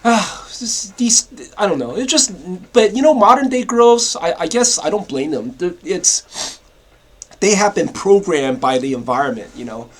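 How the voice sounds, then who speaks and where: Rambling, stammering man with a high voice. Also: animated, unhurried. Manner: rambling, repetitive, stammering restarts, profane. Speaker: vlogger. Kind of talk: casual ranting monologue.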